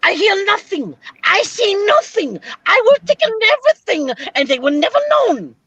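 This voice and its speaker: A performer on a live stream doing a put-on German accent as a flustered, bumbling prison camp sergeant who keeps wailing and shouting. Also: very high voice, sing-song, normal speed, no echo, muffled recording, heavily acted. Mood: pleading.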